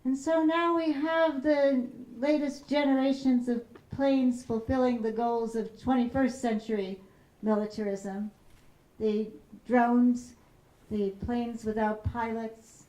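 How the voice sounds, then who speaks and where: A woman's voice: a little high, mellow. Woman speaker in an echoey hall. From Chicago, USA. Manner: measured, slows down to stress quotes. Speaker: peace activist speaker. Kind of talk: public talk, storytelling. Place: lecture room. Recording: roomy hall echo.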